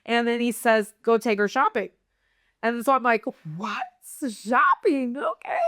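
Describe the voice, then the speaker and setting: A woman's voice: a little high, steady tone, moderate pace, a bit bright, smooth, no room sound, studio quality. A young woman from Nebraska, a podcast guest telling her own story in a candid way, acting out the voices of the people she quotes. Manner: candid, acts out quoted voices, many fillers. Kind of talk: personal storytelling in conversation.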